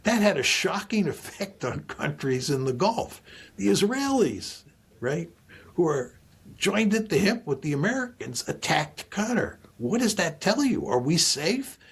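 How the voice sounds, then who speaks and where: Analyst guy asking rhetorical questions, raspy gravelly voice, very lively. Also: high-pitched, unhurried. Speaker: political analyst guest. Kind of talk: analytical commentary.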